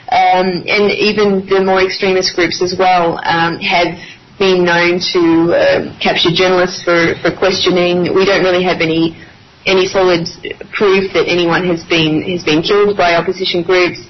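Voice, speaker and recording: A woman's voice: fairly low pitch, little pitch movement, moderate pace. A woman with an Australian accent, a journalist speaking as a radio guest over a video call, hesitant with many restarts. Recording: muffled call audio with faint hiss.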